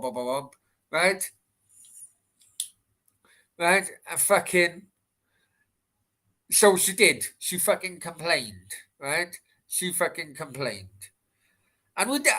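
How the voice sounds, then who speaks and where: Male stream host, casual, swears nonstop, bright, fairly high voice. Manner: swears constantly, rambling with restarts. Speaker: football channel host. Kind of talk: casual rambling anecdote on a live stream.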